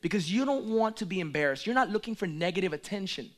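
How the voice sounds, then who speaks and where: A man preaching a sermon, swinging from hushed asides to loud, emphatic calls. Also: high voice, lively intonation, quick pace.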